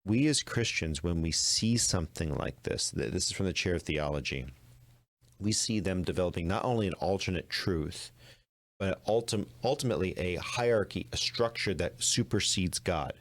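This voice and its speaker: A man's voice: sits low, lively intonation, moderate pace. A man hosting a Christian apologetics podcast, arguing his points emphatically. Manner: emphatic, argues with rising intensity. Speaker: podcast host.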